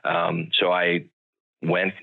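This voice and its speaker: Deep-voiced man on a tinny line. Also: level tone, takes it slowly, creaky, husky. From northern Minnesota. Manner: easygoing, self-deprecating, rambling with restarts. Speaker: podcast guest, company CEO. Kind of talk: casual interview chat.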